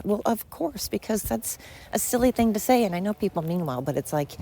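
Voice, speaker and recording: A woman's voice: mid-range voice, lively intonation, fairly quick, noisy background. A middle-aged woman hosting a casual, rambling podcast monologue while walking uphill, chatty and blunt, swearing freely and poking fun at herself, a little out of breath. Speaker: podcast host. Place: outdoors walking, yard work noise around.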